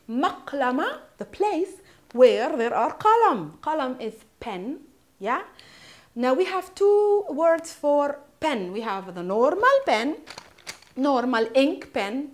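Lively Palestinian-accented woman teaching Arabic words. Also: sits high. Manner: repeats words slowly, checks in with "hmm?" and "yeah?"; shows objects while naming them. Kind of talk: casual vocabulary lesson.

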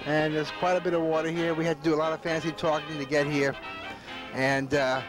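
A man's voice: a little high, little pitch movement, a little fast, over music. A man hosting a casual on-location talk show, talking in a folksy, rambling way. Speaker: host.

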